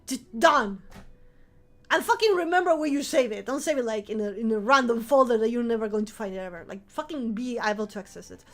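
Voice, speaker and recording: High-voiced animated streamer woman. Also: fairly quick. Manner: animated, swears, bursts into shouting. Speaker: vtuber streamer. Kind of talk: casual stream chat.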